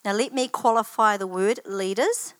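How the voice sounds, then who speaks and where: In a church setting, an older woman who is a church student gives her personal testimony in a middling-pitched voice. She tells her stories in a chatty, anecdotal way at normal speed, wandering into asides, with no room sound.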